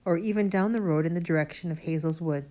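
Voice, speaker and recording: A woman narrating a children's storybook aloud in an expressive, lively way. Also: lowish voice, fast talker. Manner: lively expressive reading, first-person boy narrator. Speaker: audiobook reader.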